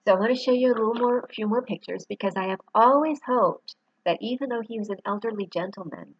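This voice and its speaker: This author and dog owner, a middle-aged woman, speaks at a quick pace in a fairly high, breathy voice. In her rambling personal vlog she shows photos to the camera and at times gets choked up. The audio sounds dull.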